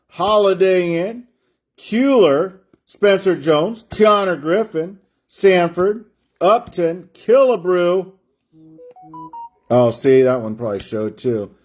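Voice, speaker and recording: Chatty card-break host, higher-voiced man. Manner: chatty, jokey, calls out player names. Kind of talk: livestream card-break banter.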